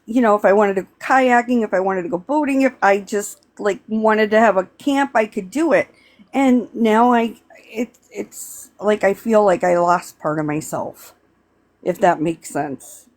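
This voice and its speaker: A middle-aged woman from Pennsylvania hosts a casual live stream in a rambling, halting voice. She is close to tears and keeps restarting her sentences. Her pitch sits in the middle range for a woman. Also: darkish tone. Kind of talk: emotional casual chat.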